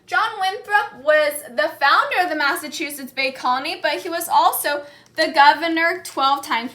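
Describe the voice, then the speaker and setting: This teacher is a woman whose voice sounds high and bright as she guides her class through call and response. Slow, clear speech and deliberate pauses let the students echo key words, and the space rings with audible reverberation.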